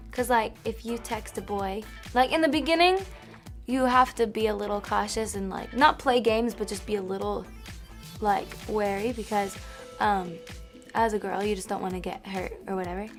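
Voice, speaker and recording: A woman's voice: mid-range voice, fairly even intonation, moderate pace, faint music behind. A young woman answering interview questions in a bubbly, giggly way, full of "like" and "um". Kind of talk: casual interview chat.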